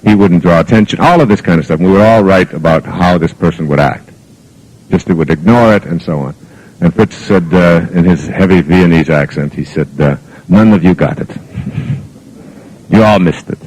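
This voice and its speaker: A man's voice: sits low, fairly quick, a little mellow, poor audio. A man giving a spoken lecture to an audience as a motivational speaker, telling anecdotes in an earnest, reflective way with plenty of fillers. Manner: rambling anecdotal storytelling with fillers.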